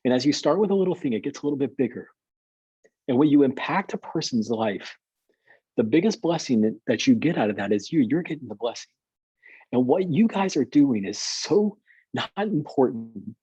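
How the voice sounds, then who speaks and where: A man's voice: mid-range voice, animated, fairly quick, mellow, husky, no room sound, highs cut off. A man, a pastor, telling a story over a video call, with a rambling way of talking that repeats and restarts words.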